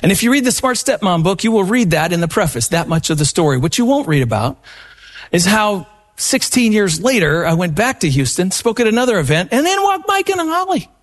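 A man giving a live event talk, telling stories in an earnest, animated way. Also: sits high, a little fast. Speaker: seminar speaker. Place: live event before an audience.

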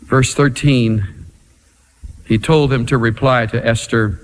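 A man preaching a sermon in a dramatic, emphatic way, with long pauses. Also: medium pitch, steady tone, long reverb tail.

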